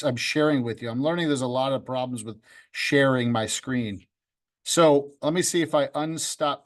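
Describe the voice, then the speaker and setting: A man teaching a video-editing class over a video call, upbeat and joking, talking to students by name. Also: medium pitch. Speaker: video club instructor. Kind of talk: online class instruction. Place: home room with green screen.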